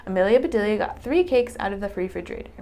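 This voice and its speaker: Animated woman teacher reading aloud. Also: medium pitch, very fast. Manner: animated, chatty with a child. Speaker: English teacher. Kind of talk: read-aloud storytime.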